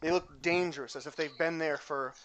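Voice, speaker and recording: A man narrating a tabletop game as game master, in a casual, halting way. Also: a little high, highs cut off, crowd noise.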